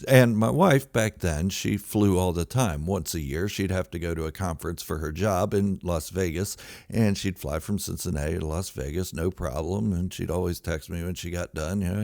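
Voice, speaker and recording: A man telling a funny true story in an excitable, exaggerated way, swinging between loud outbursts and low mutters. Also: moderate pace, no room sound, clean studio sound. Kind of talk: comic true-story monologue.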